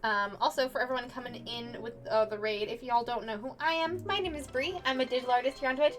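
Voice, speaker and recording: An American woman, a young adult, streaming as a digital artist and chatting casually with viewers, playful and quick to laugh, often restarting her sentences. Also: sits high, fairly bright tone. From United States.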